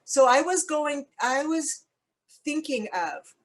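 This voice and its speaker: A woman with a somewhat high-pitched voice, chatting as the guest in an interview. She rambles through her stories and fills them with "like"s and restarts. Her humor is wry and blunt. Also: expressive, takes it slowly. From United States (Cincinnati). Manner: chatty, rambling, with frequent "like"s and self-corrections. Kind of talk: casual chat.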